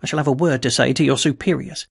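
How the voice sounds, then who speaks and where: A man voicing a brisk, authoritative male intelligence chief in a story reading. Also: mid-range voice, steady tone, vocal fry, husky, no echo, studio quality.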